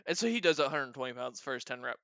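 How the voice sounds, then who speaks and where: A man's voice: medium pitch, lively intonation, quick pace, creaky, fairly bright tone, no echo, muffled recording. A man streamer telling a casual story, rambling and profane, often breaking into laughter.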